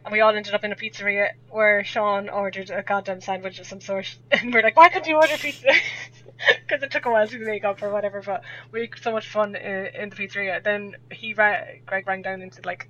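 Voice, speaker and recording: Bright-voiced chatty Irish woman. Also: medium pitch, steady tone, fairly quick. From Ireland. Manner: chatty, laughs often, rambling. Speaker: podcast guest. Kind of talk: casual storytelling. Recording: dull lo-fi audio.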